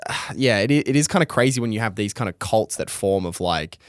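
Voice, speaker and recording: A young man talking casually as a podcast co-host, his voice sitting on the low side. He rambles through thoughts with lots of "um" and "like," restarting sentences as he goes. The sound is dry and close to the mic. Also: fast, dry recording. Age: young adult. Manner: relaxed, rambling, many fillers and restarts. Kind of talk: casual chat.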